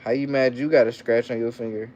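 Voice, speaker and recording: A man's voice: mid-range voice, fairly even intonation, fast, darkish tone, slight background noise. A man hosting a casual livestream, reading viewer comments aloud and repeating himself in loose slang. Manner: coaxing, playful with his child. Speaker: livestream host.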